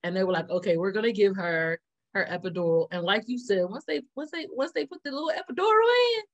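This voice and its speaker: A woman spinning a story in casual chat, her pitch leaping up and down as she acts out every voice. She laughs often and talks with loose, playful energy. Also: animated, fast, lo-fi sound. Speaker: co-host.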